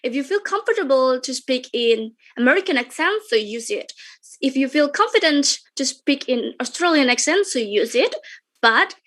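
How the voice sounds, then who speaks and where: Chatty Indonesian woman, higher voice. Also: animated, moderate pace, fairly bright tone. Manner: chatty, repetitive, with frequent fillers. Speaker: webinar speaker. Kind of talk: informal webinar talk.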